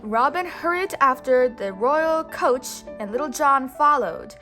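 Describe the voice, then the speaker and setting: Slow, high-voiced woman reading aloud. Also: lively intonation, pushed and bright, faint music behind. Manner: slow, prompting the child to repeat words. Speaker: teacher. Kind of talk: reading a storybook aloud to a child.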